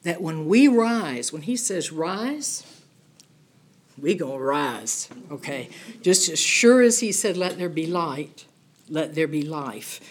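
A middle-aged woman teaching a Bible study in an animated, emphatic, conversational way, often checking in with "okay?". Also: on the low side.

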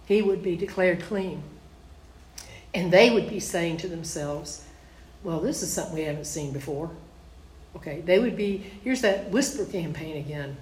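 A woman's voice: fairly low pitch, a little hiss or hum. Woman teaching scripture in an echoey room. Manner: reads scripture aloud, then explains it in plain conversational asides. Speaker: Bible teacher. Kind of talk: Bible study teaching.

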